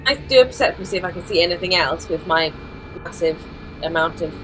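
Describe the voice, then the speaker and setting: A woman's voice: fairly low pitch, expressive, fast, rough recording. A woman, playing a tabletop game over chat in a chatty, self-mocking way and laughing often. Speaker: player. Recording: clear background noise.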